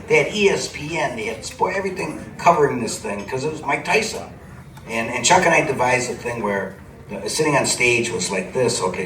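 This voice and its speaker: A man's voice: mid-range voice, fairly bright tone, slight background noise. Older man telling stage stories. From Cleveland, USA. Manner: rambling, chuckling anecdotes. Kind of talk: storytelling to a live audience. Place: supper club stage. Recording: echoey club from a distant mic, audible ambience.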